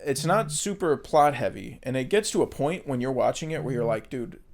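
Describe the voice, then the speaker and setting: A man's voice: mid-range voice, animated, a little fast, creaky. A man with an American accent co-hosting a film podcast in casual chat, rambling with lots of fillers and casual swearing. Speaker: podcast co-host.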